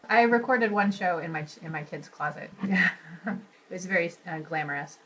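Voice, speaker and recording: A woman speaking casually in an interview, relaxed and chuckling, with a few hesitations. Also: fairly low pitch, normal speed, slight background noise, rough recording. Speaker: interviewee, community actor.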